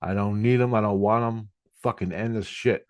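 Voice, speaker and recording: A man's voice: fairly low pitch, fairly even intonation, normal speed, no room sound, studio quality. A man telling a spiritual experience in a casual monologue, in an agitated and profane way. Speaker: vlogger.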